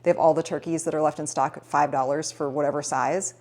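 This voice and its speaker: A chatty, upbeat woman in her thirties talks straight to her viewers in a relaxed vlog. Her voice sits a little low for a woman, and she rambles along with plenty of fillers. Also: fast, gravelly. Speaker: fitness vlogger. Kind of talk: casual vlog chat.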